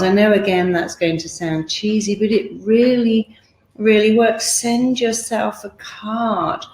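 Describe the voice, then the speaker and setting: A woman's voice: low voice, a little mellow. A middle-aged woman giving an emphatic motivational talk, acting out quoted voices as she coaches. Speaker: therapist and motivational speaker. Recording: roomy echo.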